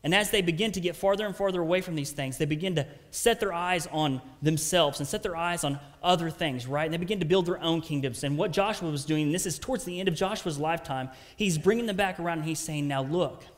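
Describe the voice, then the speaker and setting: A man's voice: on the high side, fast, hardly any pauses. A man preaching a sermon as pastor, earnest and conversational, often checking in with "right?". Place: church sanctuary. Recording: long church hall reverb.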